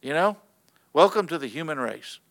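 A man's voice: a little high, animated, moderate pace, fairly bright tone. A man preaching to a church gathering in a loose, conversational way, full of fillers and restarts. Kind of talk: unscripted sermon to a church gathering.

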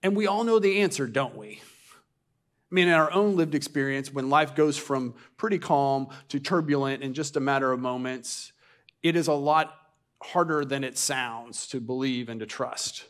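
A male pastor delivering a sermon in a church at a mid-range pitch. He talks conversationally, often restarting phrases and asking the congregation rhetorical questions. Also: normal speed. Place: church sanctuary.

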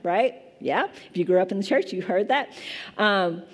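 Preaching at a normal speed in a mid-range voice, a thirtysomething Kentucky woman pastor delivers a chatty sermon full of self-deprecation. Her Eastern Kentucky accent comes through strongly.

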